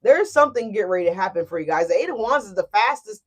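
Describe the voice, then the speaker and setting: A woman giving a casual tarot reading to her viewers, animated and emphatic. She often checks in with "right?" and swears freely. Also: mid-range voice, fast talker, slightly rough. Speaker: tarot reader.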